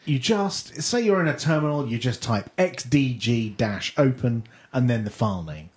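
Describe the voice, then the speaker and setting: A man's voice: mid-range voice, animated, moderate pace. A man co-hosting a tech podcast, explaining command-line tips and laughing often. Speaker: podcast co-host. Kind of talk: casual tech podcast banter.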